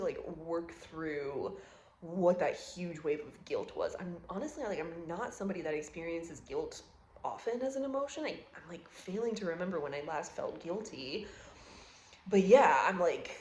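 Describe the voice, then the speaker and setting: A woman's voice: on the low side, darkish tone, slight background noise. Chatty woman in her thirties, roomy echo. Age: 30s. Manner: chatty, emotional, heavy use of "like". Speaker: vlogger. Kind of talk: casual storytelling to camera.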